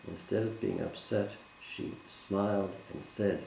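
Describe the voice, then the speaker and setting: Deep gravelly guy teaching bible study, slow and earnest, roomy echo. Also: steady tone, a little mellow, slight background noise. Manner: earnest, measured teaching with scripture quotes.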